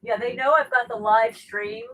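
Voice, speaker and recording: A woman, hosting a casual livestream from home, reading viewer comments in an animated way and often repeating her words. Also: fairly high pitch, normal speed, poor audio. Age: 60s. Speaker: livestream host. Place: rural home indoors. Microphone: laptop mic.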